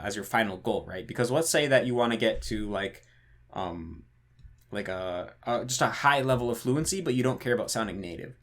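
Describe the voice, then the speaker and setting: A man with a medium-pitched, slightly bright voice works through viewer questions as the host of a channel answering patrons. A native English speaker, he rambles casually, hedging and thinking out loud, with frequent restarts and fillers.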